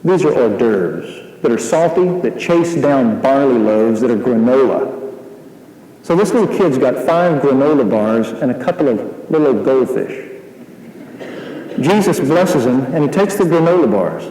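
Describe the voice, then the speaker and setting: A man preaching a sermon, telling stories with lively acted-out dialogue. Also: medium pitch, unhurried, slight background noise. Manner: animated storytelling, acting out dialogue. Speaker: pastor. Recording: echoey hall.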